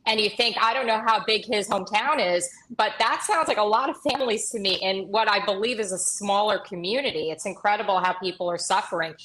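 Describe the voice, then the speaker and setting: A woman co-hosting a political talk show in casual chat, chatty and joking, with quick asides. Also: medium pitch, fairly bright tone. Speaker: co-host.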